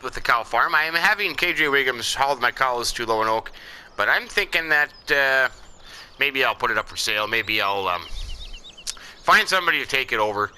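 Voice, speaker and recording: A man's voice: mid-range voice, lively intonation, normal speed, pushed and bright, clear, resonant tone, rough recording. A man hosting a farming game channel, giving casual, folksy commentary as he talks to himself while playing. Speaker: gaming channel host.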